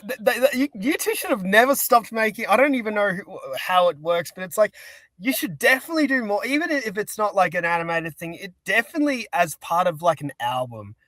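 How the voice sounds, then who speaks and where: A man's voice: sits high, lively intonation, a little fast, fairly bright tone, no echo. Eager fan-like man host, dry sound. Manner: enthusiastic, fan-like, with filler likes and stumbles. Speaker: podcast host. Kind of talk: casual interview chat.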